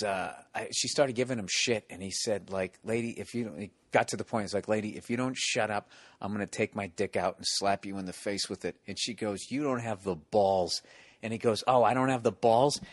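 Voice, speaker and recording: A man's voice: lowish voice, dry recording. A man in his forties with a Boston accent, telling stand-up stories in casual chat, swearing a lot and acting out the people in them. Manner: animated storyteller, profane, acts out yelling hecklers. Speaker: stand-up comedian telling a story.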